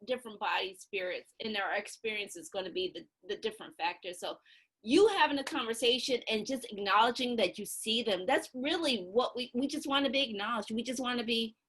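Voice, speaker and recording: A woman's voice: fairly high pitch, a little fast, fairly bright tone, husky, low-quality recording. A woman hosting a conversational interview, affirming her guest and repeating words as she finds her thoughts. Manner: affirming, repeats words while finding them. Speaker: host.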